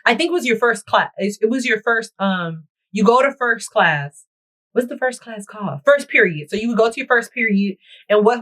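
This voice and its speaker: A young beauty vlogger tells a dramatic storytime straight to her viewers while doing her makeup, chatting as she gets ready. Her medium-pitched voice is a bit bright. The camera mic gives a rough recording.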